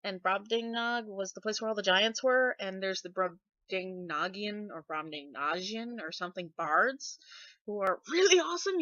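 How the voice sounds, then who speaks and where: A woman's voice: on the low side, pushed and bright, no echo. A Scottish woman chatting casually to her webcam, rambling and self-deprecating with sarcastic asides; her voice often gets mistaken for a man's. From Scotland. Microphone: webcam mic. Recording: dull dry webcam audio.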